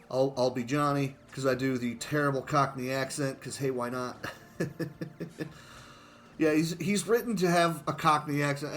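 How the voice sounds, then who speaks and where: A man's voice: on the high side, normal speed, fairly bright tone, soft background music. Chatty man commenting on his game run. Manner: chatty and self-mocking, with frequent chuckles. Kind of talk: casual gameplay commentary.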